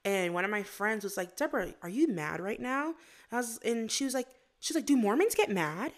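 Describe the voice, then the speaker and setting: A young woman from Florida chatting as a podcast guest. She talks in a lively, animated way and slips into acted-out quotes as she tells her stories. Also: medium pitch, fairly quick. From Florida, USA. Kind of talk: casual interview chat.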